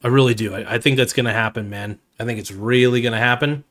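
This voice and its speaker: A man with a mid-range, steady, slightly bright and somewhat worn voice hosts a casual fantasy football live stream, talking fast. He rambles with many fillers and calls viewers "man."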